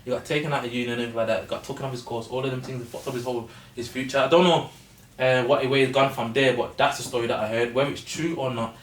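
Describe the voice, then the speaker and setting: A man's voice: medium pitch, fairly even intonation, racing. A man, telling a story in casual podcast chat full of slang. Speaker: podcast co-host. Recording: echoey room, far from mic.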